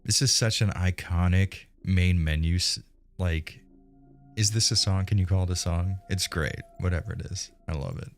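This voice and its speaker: A young man with a very deep, low voice streams a shooter game live. He swears a lot and taunts the enemies with a cocky edge. When he sneaks, he drops into a hushed whisper. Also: moderate pace, soft background music. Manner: profane, cocky trash talk at game enemies. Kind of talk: casual live-stream commentary.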